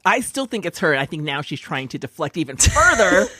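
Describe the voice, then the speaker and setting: A woman's voice: lowish voice, very animated, fairly quick, noisy background. A young adult woman guest on a podcast chatting casually, reacting with gasps and groans. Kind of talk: casual chat.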